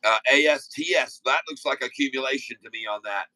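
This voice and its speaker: A man with a forceful, bright voice talks his way through a live day-trading stream in a loose, folksy way, drifting between stock calls and chatty asides full of fillers. The sound is dry and close, with no room echo. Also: mid-range voice, brisk. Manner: rambling, folksy, easygoing, many fillers and asides. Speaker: day-trading livestream host. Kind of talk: casual live-stream chat and stock commentary.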